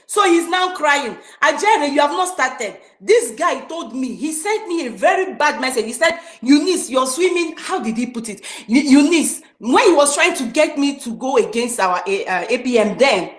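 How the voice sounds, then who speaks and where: A woman's voice: high-pitched, lively intonation, normal speed, few pauses. Angry woman in an echoey room. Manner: angry, scornful, mocking. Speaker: online group speaker. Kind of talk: heated political rant. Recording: roomy echoey online audio.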